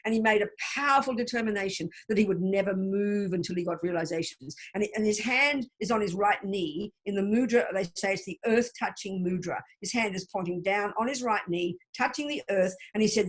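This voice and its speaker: With a husky, mid-range voice, a woman talks fairly quickly with few pauses as she teaches mantras to a Buddhist group on a video call. Her explanations are warm, and she leads recitation by chanting syllables for others to repeat.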